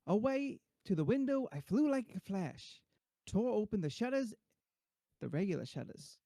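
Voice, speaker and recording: A man's voice: high voice, dark tone, no room sound, heavily acted. A man putting on a mock Kiwi-accented poem reader. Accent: mock New Zealand. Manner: breaks off into asides and laughs. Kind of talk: comic poem reading.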